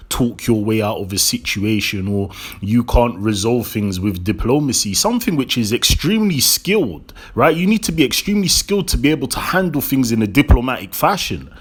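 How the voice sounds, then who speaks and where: A man's voice: mid-range voice, husky. Preachy male vlogger hammering home his points. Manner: rhetorical, repeats lines slowly for emphasis; tags statements with "right?". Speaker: vlog host. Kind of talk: preachy monologue to the camera.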